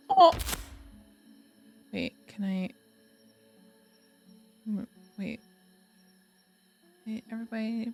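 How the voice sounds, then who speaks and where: A woman's voice: a little high, gravelly. A young woman streaming a game, chatting casually, cooing and doting with giggles and sudden gasps. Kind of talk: casual live-stream commentary.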